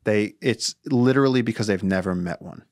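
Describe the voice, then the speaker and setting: A man in his thirties, a podcast guest, telling stories in casual chat, animated and acting out what people say, with casual swearing. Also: lowish voice, brisk, no room sound, studio quality. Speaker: podcast guest, wildlife conservationist.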